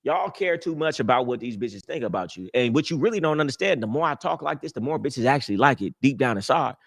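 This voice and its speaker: A man's voice: mid-range voice, animated, fast, vocal fry. A young man hosting a live stream, giving casual dating advice in a brash, boastful, profane street-talk manner. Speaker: livestream host.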